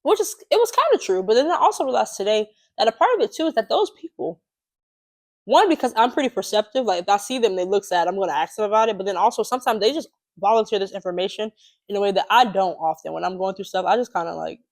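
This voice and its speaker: A young woman chatting on her podcast, her pitch sitting right in the middle. She spins a casual personal story full of fillers and laughs along as she goes. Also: quick pace. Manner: chatty, animated, laughs often, many fillers. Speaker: podcast co-host.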